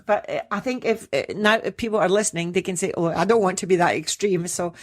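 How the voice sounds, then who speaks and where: A middle-aged woman, a menopause coach and podcast guest, telling stories in a lively way, acting out what people said and laughing often. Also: fairly low pitch, quick pace. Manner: animated storyteller who acts out quotes and laughs often. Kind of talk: casual interview chat.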